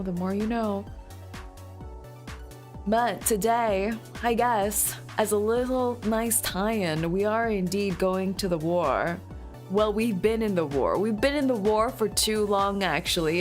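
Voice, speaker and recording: A woman's voice: on the high side, a little slow, faint music behind. A woman streamer chatting casually with her viewers, playful and giggly, breaking into squealing outbursts now and then.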